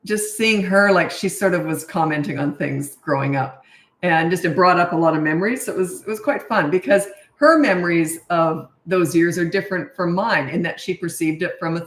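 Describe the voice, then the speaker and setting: Middle-aged woman, parenting coach, blunt and chatty, lowish voice, echoey room. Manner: blunt, matter-of-fact, chatty asides. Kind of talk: casual Q&A advice. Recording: roomy echo.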